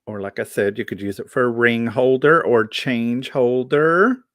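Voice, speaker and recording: A man's voice: medium pitch, measured pace, fairly bright tone, dry recording, clean studio sound. A man hosting a live online sale, chatting casually about vintage items in a tired morning voice.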